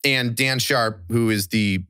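A man's voice: mid-range voice, slow, pushed and bright, clear, resonant tone, dry recording, studio quality. A man guesting on a podcast, telling a crude, jokey war story in casual chat.

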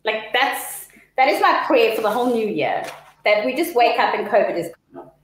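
A woman co-hosts a casual live-stream chat, telling stories with animated, dramatic flair. Her fairly high voice rings in an echoey room. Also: moderate pace, slight background noise.

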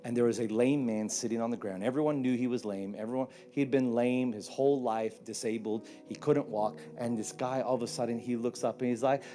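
A pastor on a church stage preaches briskly at medium pitch, barely pausing, over soft background music. Animated and joking, he voices Bible scenes and quotes in put-on characters.

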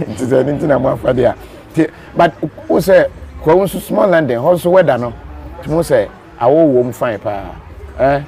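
A man's voice: mid-range voice, expressive, fairly quick, warm tone. A man with a Ghanaian accent hosting a live stream, reading viewer comments and joking, switching between Twi and English. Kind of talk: casual chat.

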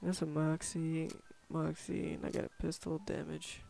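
A man's voice: fairly high pitch, completely flat delivery, moderate pace, gravelly, dark tone, faint music behind. Young man casually reading game text aloud. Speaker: gamer. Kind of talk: casual let's play commentary.

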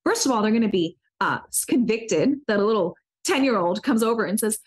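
A woman's voice: mid-range voice, lively intonation, fairly quick, hardly any pauses, breathy edge. A woman who is the guest in an interview, talking earnestly in a preachy way and often restarting her sentences. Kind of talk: casual interview talk about faith.

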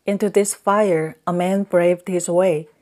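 A woman narrating an audiobook in a slow, measured reading voice. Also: on the low side, fairly even intonation, darkish tone. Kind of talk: scripted narration.

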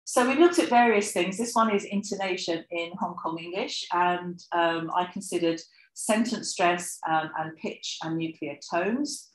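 A woman with a fairly low voice gives an academic talk in a roomy, echoing lecture hall. She speaks in a lively, animated way, with plenty of fillers and asides, and brings her research examples to life with playful swoops of intonation. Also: unhurried. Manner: acts out intonation examples with expressive pitch. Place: lecture room.

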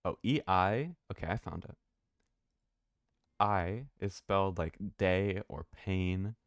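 Male streamer, low voice, dry close mic, rambling commentary. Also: slow pace, clear, resonant tone, no echo. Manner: rambling, thinking aloud, swears casually. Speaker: game streamer. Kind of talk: casual live-stream commentary.

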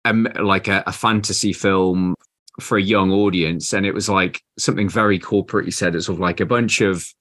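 A man's voice: sits low, steady tone, a little fast, a bit bright. A man co-hosting a podcast, chatting casually about a film with hesitant, stop-start phrasing. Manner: hesitant, restarts often. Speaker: podcast co-host.

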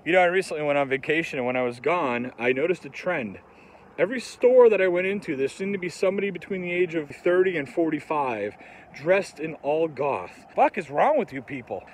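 A man with a high voice tears into his targets in a foul-mouthed comedic rant, swearing at every turn. His delivery is angry and mocking. Faint street noise hums behind him, as if he is recording outdoors near traffic. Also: expressive, brisk. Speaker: comedic ranter, channel host.

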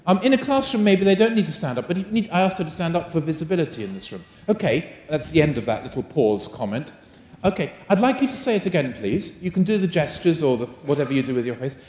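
In a large conference hall, a man leads a live teacher-training workshop, animatedly coaxing the audience and firing questions at the room. He talks fast in a high voice, and the recording carries the roomy echo of the big hall.

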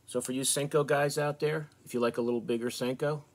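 An American man from the northeastern United States, hosting a fishing channel, casually showing off soft plastic baits in a relaxed, chatty way with fillers. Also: medium pitch, fast. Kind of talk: casual product show-and-tell.

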